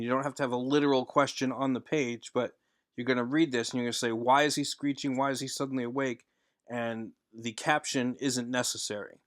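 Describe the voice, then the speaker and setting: Guy rambling through his comic script, middle pitch, lots of uh and restarts, dry close mic. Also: no echo. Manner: rambling, self-correcting, with frequent uh fillers. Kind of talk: casual tutorial voice-over.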